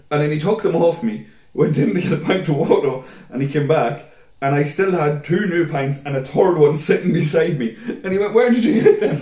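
A man's voice: normal speed, reverberant. A young man co-hosting a podcast, telling drunken stories in casual chat, swearing a lot and mimicking people. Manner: animated storyteller, swears a lot, mimics people in high voices. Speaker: podcast co-host.

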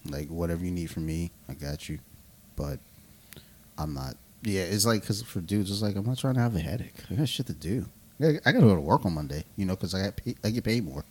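Profane, laughing man with a low voice. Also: lively intonation, brisk, darkish tone, slightly rough. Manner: loose, profane, laughing storyteller. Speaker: podcast co-host. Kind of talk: casual chat over beers.

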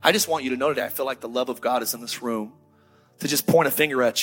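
A man preaching a sermon to his congregation as pastor, swinging from fiery calls to soft, intimate appeals. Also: mid-range voice, quick pace, slightly rough, faint music behind. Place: church hall before a congregation.

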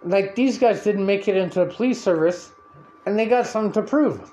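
A man hosting a podcast, telling a story in a loud, profane, animated rant and acting out what people said. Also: sits high, fairly quick, a little hiss or hum. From Canada. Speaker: podcast host.

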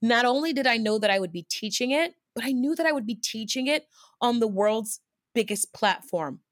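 A woman who works as a cycling instructor, telling a personal story in conversation with an earnest, lively manner, often restarting her sentences and dropping in fillers. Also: on the high side, moderate pace, no echo, studio quality.

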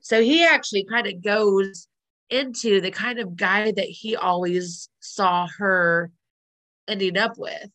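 Slow-talking bright-voiced woman. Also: mid-range voice. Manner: giggly, rambling retelling with fillers. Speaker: podcast co-host recapping a sitcom episode. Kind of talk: casual chat.

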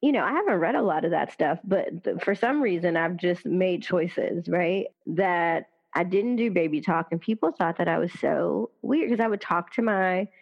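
A woman hosting a casual podcast conversation, chatty and animated, with lots of "you know" and "like". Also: on the low side, normal speed, vocal fry, few pauses, muffled recording. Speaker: podcast host.

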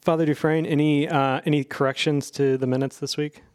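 A man's voice: on the high side, level tone, brisk, darkish tone, clean tone. A man hosting a casual church podcast, playful and rambling as he leads the talk. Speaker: podcast host.

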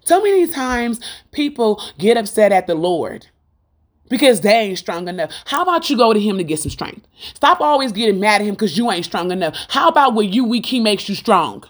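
A woman's voice: mid-range voice, big pitch swings, normal speed. Woman, informal preacher, fervent and rhythmic, repeats lines for emphasis, mid-range voice. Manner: addresses listeners directly with rhetorical questions. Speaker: Christian speaker. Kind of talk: informal sermon.

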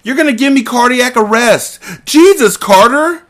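A panicky young woman in a storybook reading, her voice pushed up by a man into a shrill, frantic squeal. She talks high and loud, all nerves. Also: expressive, moderate pace. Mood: panicked.

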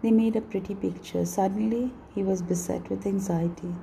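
A woman with a husky voice reads a novel aloud in a steady, measured way. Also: medium pitch, slight background noise, poor audio. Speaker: narrator. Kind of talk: storybook reading.

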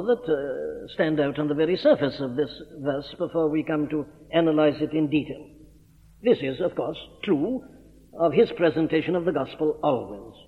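A man preaching an expository sermon, emphatic and earnest, stressing and repeating key words. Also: on the high side. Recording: old lo-fi hall recording.

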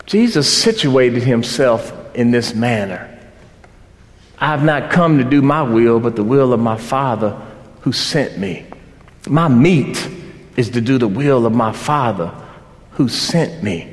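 A man preaching a sermon, building to shouts and slowing down for emphasis. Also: mid-range voice, expressive. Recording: roomy hall with long reverb.

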